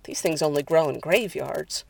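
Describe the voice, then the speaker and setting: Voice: mid-range voice, normal speed, creaky, husky, dry recording. A narrator voicing a nervous male henchman in a spoken story, talking warily. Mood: uneasy. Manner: wary, jittery.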